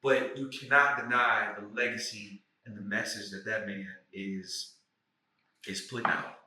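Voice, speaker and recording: A man with a St. Louis accent, a podcast guest who is an actor and writer, telling stories in animated, profane slang. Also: lowish voice, a little slow. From St. Louis, USA. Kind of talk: casual conversation. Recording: echoey room, distant mic.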